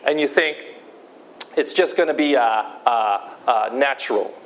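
A man preaching a sermon, slow and emphatic, often repeating his key phrases. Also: medium pitch. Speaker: pastor.

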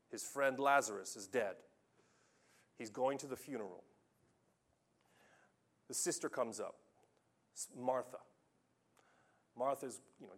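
A man preaching a sermon in an animated storytelling way. He swings from loud, urging lines to hushed, quiet ones, with a voice at an ordinary pitch for a man.

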